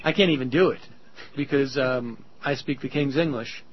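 A male radio host from Massachusetts, giving mocking political commentary that is energetic and gets loud. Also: medium pitch, normal speed, breathy edge. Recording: dull lo-fi radio clip.

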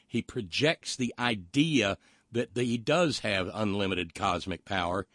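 A man's voice: on the low side, lively intonation, normal speed, fairly bright tone, no echo, clean studio sound. A man hosting a talk radio show, mocking press briefing clips and reading listener messages aloud in a profane, sardonic way.

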